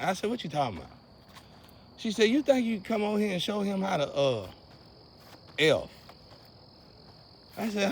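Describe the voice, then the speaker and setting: Young man, high gravelly voice, preachy and repetitive; night insects and faint hiss behind him. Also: big pitch swings, moderate pace, long pauses. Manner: preachy, repetitive, swings from loud outbursts to low muttering. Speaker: vlogger. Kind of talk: casual rant to camera.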